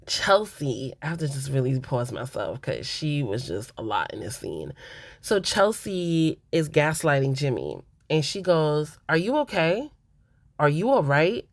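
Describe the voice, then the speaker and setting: A woman's voice: low voice, no room sound. A woman hosting a reality TV recap, talking candidly and emphatically straight to her viewers in a casual, opinionated way.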